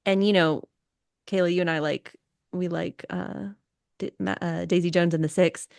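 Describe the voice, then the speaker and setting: A woman's voice: fairly low pitch, fairly even intonation, normal speed, gravelly, darkish tone, no room sound, clean studio sound. A young woman co-hosting a podcast in casual chat. She rambles with restarts and laughs as she talks. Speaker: podcast co-host.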